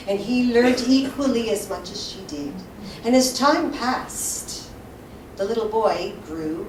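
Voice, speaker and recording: A woman storyteller telling a folk tale live with expressive, lively delivery, recorded in a hall. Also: medium pitch. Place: synagogue hall. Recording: roomy, distant live mic, faint hiss.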